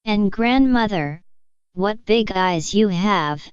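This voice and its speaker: A woman's voice: medium pitch, expressive, slow, clean tone, dry recording, highs cut off. A woman voicing a polite, wide-eyed little girl in a storybook reading. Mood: innocent. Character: young girl, polite and innocent.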